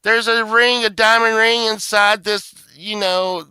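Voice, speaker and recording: A man, in a put-on voice, plays a middle-aged wife blurting out one discovery after another. The voice is pitched well up, loud and breathless, with a sharp edge. It sounds close and dry. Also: steady tone, unhurried, smooth, dry recording, heavily acted. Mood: excited. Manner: breathless, gushing, exclamatory. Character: excited shrieking wife, middle-aged woman.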